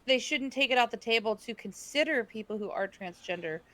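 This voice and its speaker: A woman's voice: fairly high pitch, expressive, a little fast, a bit bright. A woman co-hosting a podcast, pushing back earnestly with hesitant restarts in casual talk. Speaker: podcast co-host. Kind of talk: casual discussion.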